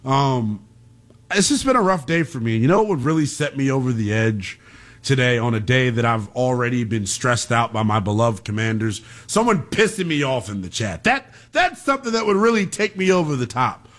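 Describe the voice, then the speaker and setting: A young man hosting a call-in sports radio show, ranting in a slangy, animated way. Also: mid-range voice, moderate pace. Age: young adult.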